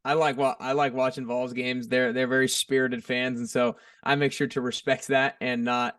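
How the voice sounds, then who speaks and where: An easygoing man with a light Southern accent chats as a podcast guest, friendly and laid-back. His pitch sits in the middle range, and the sound is dry but a little distant from the mic. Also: flat delivery, moderate pace, fairly bright tone, clean tone, no echo. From Atlanta, Georgia. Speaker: podcast guest, fitness coach. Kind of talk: casual interview chat.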